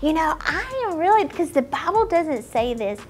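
A woman teaching children, telling a Bible story in an animated way and dropping to whispers for emphasis. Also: high-pitched, moderate pace, soft background music.

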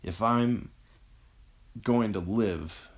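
A man voicing a dying young man who gasps for breath between words, weak and strained, slow and gravelly. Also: low voice, a little mellow, full character voice. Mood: gasping, tender.

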